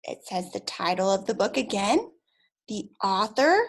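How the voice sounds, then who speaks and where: A woman teaching young children to read, speaking slowly and encouragingly and drawing out her words. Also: medium pitch, lively intonation, slight background noise. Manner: slow, drawn-out, encouraging teacher voice. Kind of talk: early reading lesson for young children.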